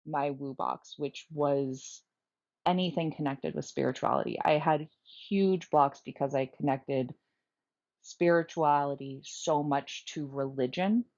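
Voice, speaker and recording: A woman's voice: low-pitched, fairly even intonation, measured pace, a little mellow. A woman co-hosting a podcast, speaking openly and reflectively about personal experiences and laughing easily. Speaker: podcast co-host. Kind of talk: candid podcast conversation. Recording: dull lo-fi sound.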